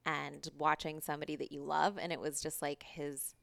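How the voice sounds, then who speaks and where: A woman's voice: low-pitched, flat delivery, normal speed, creaky, a bit bright, dry recording. A middle-aged woman, a podcast guest, telling a personal story in casual, candid talk, swearing freely and acting out past conversations.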